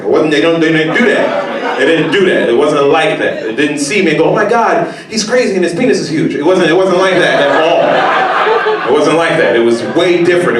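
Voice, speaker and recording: Stand-up comic in a roomy, laughing club. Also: male voice. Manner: conversational, acts out people in high squeals. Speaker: stand-up comedian. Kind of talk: stand-up set. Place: comedy club stage before a laughing crowd. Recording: roomy live club sound from a distance.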